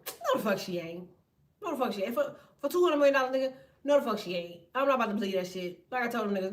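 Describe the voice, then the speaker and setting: A woman hosting a tarot livestream, telling stories in a profane, animated way and acting out other people. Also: high voice, quick pace, recorded from a distance. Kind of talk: casual livestream rant.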